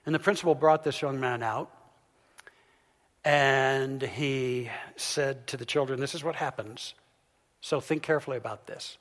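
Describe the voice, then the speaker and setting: A man giving a sermon, telling a story as he swings from loud, emphatic peaks down to soft, hushed lines. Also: mid-range voice, gravelly. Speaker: pastor. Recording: long hall reverb.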